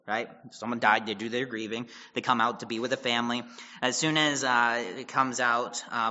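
Bright-voiced man teaching the Bible. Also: medium pitch, dull audio. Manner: conversational, retells scripture with quoted dialogue and asides. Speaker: pastor.

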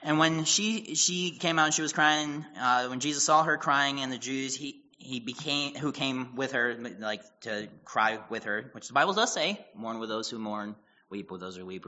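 Bright-voiced man teaching the Bible. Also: mid-range voice, normal speed, lo-fi sound. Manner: conversational, retells scripture with quoted dialogue and asides. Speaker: pastor.

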